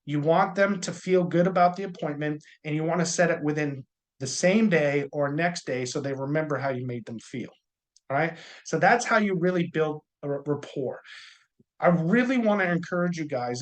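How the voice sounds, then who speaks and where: Man coaching with a higher voice. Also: normal speed. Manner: jokey, conversational, uses corny humor. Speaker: insurance sales trainer. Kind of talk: casual training talk.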